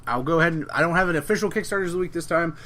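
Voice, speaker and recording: A man's voice: fairly high pitch, racing, pushed and bright, slight background noise. A man co-hosting a podcast in casual chat, enthusiastic as he promotes comics, swearing now and then. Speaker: podcast co-host.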